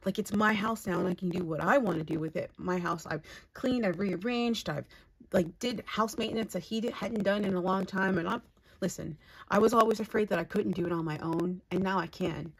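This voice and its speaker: A woman's voice: medium pitch, fairly quick, breathy edge, low-quality recording. A woman craft vlogger chatting casually at home in her craft room, rambling and gushing as she unboxes gifts.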